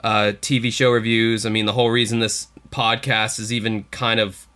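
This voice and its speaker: Man, podcast co-host, bright forceful voice, rambling, swears a lot. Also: lowish voice, flat delivery, normal speed. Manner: rambling, profane, self-deprecating. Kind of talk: casual podcast chat.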